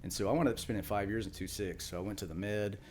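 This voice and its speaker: A man's voice: fairly low pitch, fairly even intonation, quick pace, a little mellow, a little hiss or hum. A man in his forties, a retired Marine guest on a podcast, telling stories in a rambling, casual way full of asides. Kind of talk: casual storytelling chat.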